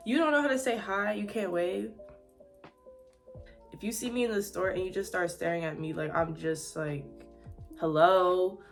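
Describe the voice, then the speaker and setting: Chatty, sassy young woman vlogger. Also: fairly low pitch. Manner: chatty and candid, lots of "like" fillers, sassy asides with "honey". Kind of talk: casual chat while getting ready.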